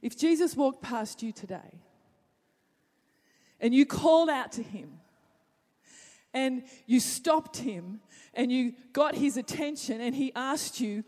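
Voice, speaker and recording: A woman's voice: on the high side, lively intonation, measured pace. Woman preacher in a reverberant hall. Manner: dramatic, swings from hushed to loud. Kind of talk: sermon.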